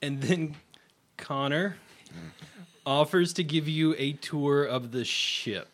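A man's voice: fairly high pitch, slow, slight background noise. Man narrating as game master. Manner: plain, explanatory, with side jokes.

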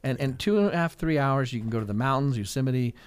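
A middle-aged man, a real estate agent and coach, talking in a chatty, energetic way with lots of "like" and "right?" in a casual radio interview. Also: mid-range voice, quick pace, smooth, dry recording. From Fresno, California.

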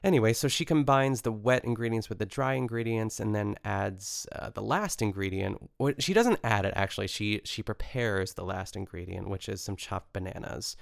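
A young man hosts a casual podcast, recapping a cooking show in a chatty, rambling way with plenty of fillers and self-corrections. His voice sits fairly low and has a noticeable gravelly fry. The sound is dry, with no room echo. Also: moderate pace, hardly any pauses. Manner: chatty, amused asides. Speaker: podcast host.

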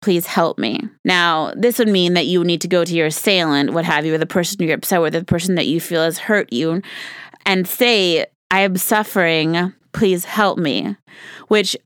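A woman's voice: lowish voice, moderate pace, clean tone, no echo. Earnest woman podcaster, dry close sound. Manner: earnest, repeats words for emphasis, laughs at herself. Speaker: podcast host. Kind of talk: casual solo podcast talk.

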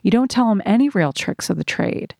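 A woman narrating a first-person audiobook in a slow, measured reading. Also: medium pitch, animated, gravelly, darkish tone, dry recording, clean studio sound.

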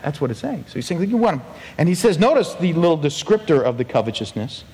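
A man preaching a sermon as pastor, animated and acting out quoted voices with big pitch swings. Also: fairly quick, long reverb tail.

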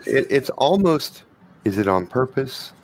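A man narrating a tabletop game as game master, measured and hesitant with fillers. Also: medium pitch, very animated, rough recording.

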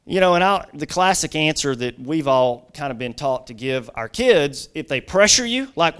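A man's voice: on the high side, lively intonation, moderate pace, hardly any pauses, fairly bright tone, smooth. A middle-aged man preaching a sermon as a guest pastor, telling stories conversationally with lots of "you know" asides.

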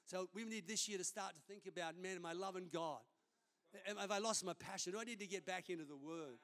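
High-voiced pastor preaching. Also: male voice, brisk, fairly bright tone. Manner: conversational storytelling preaching. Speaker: senior pastor. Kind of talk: sermon. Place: church service.

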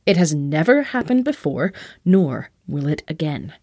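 A woman voicing a flustered male hornet-man official who speaks in a hushed, deferential way. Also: deep voice, big pitch swings, a little slow, no echo, studio quality, full character voice. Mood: nervous.

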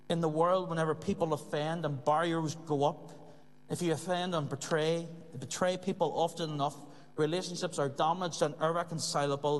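A man preaching a sermon in an earnest way, repeating key phrases for emphasis. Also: a little high. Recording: long hall reverb.

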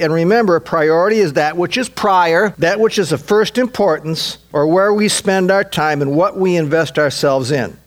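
A man preaching a sermon in an earnest, emphatic way, often repeating himself. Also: high-pitched. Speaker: pastor.

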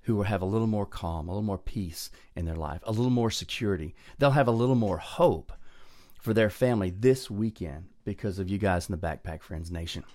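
A man's voice: fairly low pitch, fairly quick, darkish tone, dry recording. A middle-aged man, hosting a motivational podcast in an earnest, heartfelt, conversational way. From Southern US. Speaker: podcast host.

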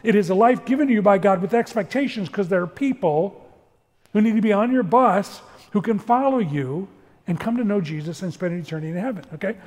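A middle-aged man preaching in an earnest, animated way, acting out quoted dialogue as he tells stories. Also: sits high, a little fast. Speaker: pastor. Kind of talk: sermon-style talk with storytelling. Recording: long reverb of a large room.

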